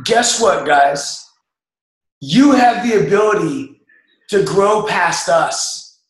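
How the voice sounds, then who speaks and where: A man's voice: high voice, expressive, slow. A man giving an emphatic motivational talk to a group, coaching them to drop doubt. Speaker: motivational speaker. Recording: echoey room.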